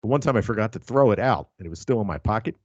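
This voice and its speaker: Lowish-voiced guy hosting a podcast, crude stories, lively pitch, kinda muffled lo-fi audio. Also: very fast, no echo. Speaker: podcast host. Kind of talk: casual podcast chat.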